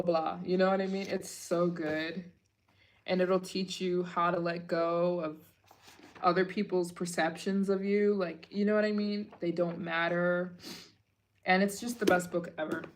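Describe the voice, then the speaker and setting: A woman's voice: on the low side, level tone, a little slow. A woman hosting a casual livestream Q&A, gushing and chatty, with lots of filler words. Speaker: travel channel host.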